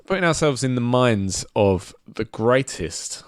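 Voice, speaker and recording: A man's voice: mid-range voice, animated, measured pace, clear, resonant tone, dry recording, clean studio sound. A man co-hosting a podcast, laughing often and directing his co-hosts through a silly game. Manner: giggly, bossy, sets up games. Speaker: podcast co-host. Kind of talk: casual comedy chat.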